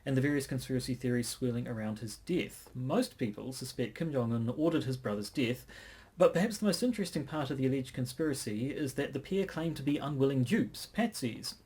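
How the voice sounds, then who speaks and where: A man co-hosting a casual podcast, measured and hesitant, often restarting his sentences. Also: medium pitch, expressive, darkish tone, husky. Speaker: podcast co-host.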